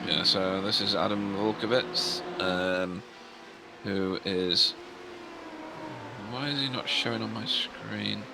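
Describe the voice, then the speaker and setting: A man doing chatty live commentary on a sim race, quick to exclaim at the action. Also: on the low side, steady tone, vocal fry, noisy background.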